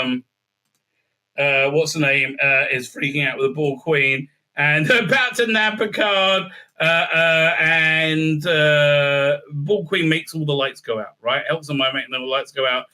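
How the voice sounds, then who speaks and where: A man's voice: a little high, a little slow, pushed and bright. A man recapping and reviewing a TV episode, rambling with lots of hesitations and exasperated outbursts. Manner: hesitant, heavy filler sounds, exasperated outbursts.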